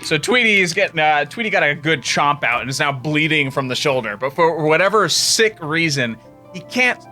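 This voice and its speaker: A man running a tabletop game as game master, telling the scene with lively storytelling and frequent laughter. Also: a little high, normal speed, soft background music.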